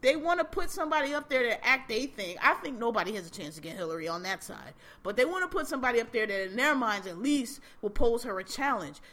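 A woman's voice: fairly high pitch, animated, fast, hardly any pauses, fairly bright tone. A woman hosting a podcast, ranting casually and bluntly about politics, exasperated and profane, often restarting her sentences. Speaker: podcast host.

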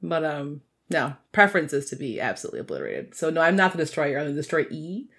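Woman chatting away, lots of laughs, voice jumping all over, kinda low. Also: fast, gravelly. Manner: animated, laughs often, playful voices. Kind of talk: casual chat.

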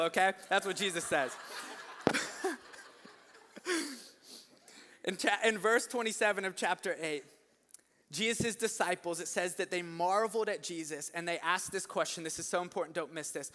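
A man preaching an energetic sermon, telling the story with animated delivery that climbs into shouts. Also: high-pitched, measured pace. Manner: animated storytelling, acts out voices, rising to shouts. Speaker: pastor. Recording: long hall reverb.

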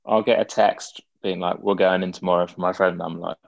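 Deep gravelly young man, rambling chat. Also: flat delivery, brisk, no room sound, dull audio. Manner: rambling, many fillers and restarts. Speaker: guest. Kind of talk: casual interview chat.

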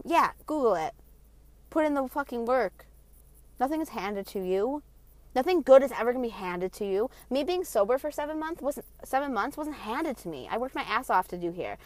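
A woman delivering a heated, profane vlog rant, blunt and passionate, swinging between loud outbursts and quieter asides. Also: fairly high pitch, animated, normal speed, long pauses, dry recording. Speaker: vlogger. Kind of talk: ranting monologue.

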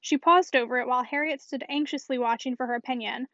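A woman reading a novel aloud as an audiobook narrator, in an even, measured manner. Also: high-pitched, no room sound. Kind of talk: scripted narration. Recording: dull, dry lo-fi recording.

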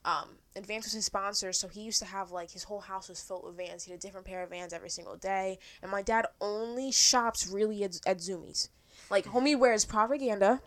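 Young woman, fast and animated talk, swears a lot, casual podcast chat. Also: medium pitch. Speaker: podcast co-host.

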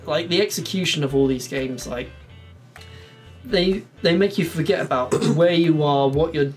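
A man's voice: on the high side, moderate pace, soft background music. A man from England chatting casually on a podcast, rambling and laughing often. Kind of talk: casual chat. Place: shed studio.

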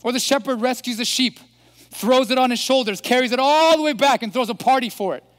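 High-voiced pastor preaching in echoing hall. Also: male voice, a little fast. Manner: animated, asks the congregation rhetorical questions. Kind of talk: sermon. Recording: long hall reverb.

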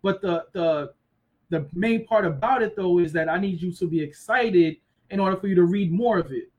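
A man in his thirties co-hosting a casual faith discussion, animated and acting out quoted voices. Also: high voice, moderate pace, dull audio. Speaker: co-host.

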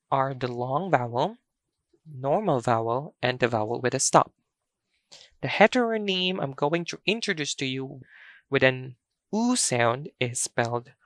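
A language teacher talks through a pronunciation lesson at an unhurried pace, saying each word twice with clear stress. The voice sits in a middle register and the recording is dry and close, with no room sound. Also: medium pitch, fairly bright tone, no room sound.

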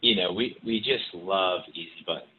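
A man's voice: low-pitched, normal speed, phone-quality sound, slight background noise. A man from the car industry, chatting on a podcast and rambling with many restarts. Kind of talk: casual podcast chat.

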